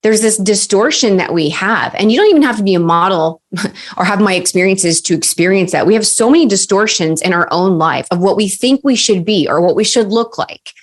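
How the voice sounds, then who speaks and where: A woman in her thirties, a guest on an interview show, telling personal stories in a lively way. She uses many fillers and acts out quoted voices. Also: medium pitch, brisk. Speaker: podcast guest, success coach. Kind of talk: casual interview storytelling.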